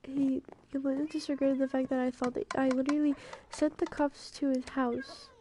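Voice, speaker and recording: Woman, streamer, casual gaming chat, rambling and easily distracted, high voice, noisy recording. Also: flat delivery, a little fast, warm tone.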